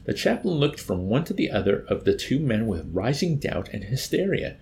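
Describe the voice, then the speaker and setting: A man narrating an audiobook with an expressive, dramatic reading. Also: medium pitch, normal speed, vocal fry, slight background noise.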